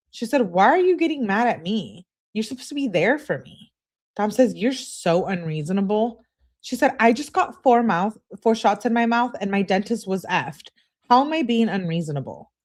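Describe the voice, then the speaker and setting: Female commentator, animated delivery, reads texts aloud with a sarcastic edge. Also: medium pitch. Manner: sarcastic, mocking asides. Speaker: true crime commentator. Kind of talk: reading text messages aloud with commentary.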